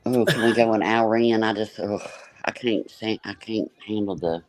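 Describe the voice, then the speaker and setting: A woman's voice: a bass voice, moderate pace, a little mellow, no room sound, low-quality recording. A woman hosting a casual livestream, joking and laughing as she reacts to other streamers. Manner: sassy, joking, lots of laughter. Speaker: host.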